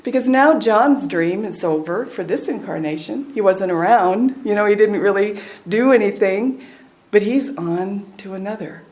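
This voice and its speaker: An older woman, a spiritual teacher in her sixties from the United States, gives a devotional talk at a middle pitch. She speaks earnestly and sinks to a near-hush when the moment turns tender. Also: normal speed. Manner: earnest, drops to a soft hush at tender points. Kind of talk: devotional talk with a personal story.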